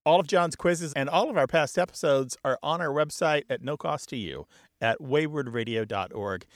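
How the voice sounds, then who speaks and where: Brisk male radio co-host. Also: fairly high pitch, dry recording, studio quality. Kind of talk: radio talk show.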